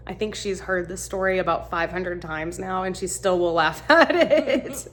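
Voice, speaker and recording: A woman casually telling a funny travel story, animated and laughing as she acts out what people said. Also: fairly low pitch, slight background noise. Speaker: vlogger.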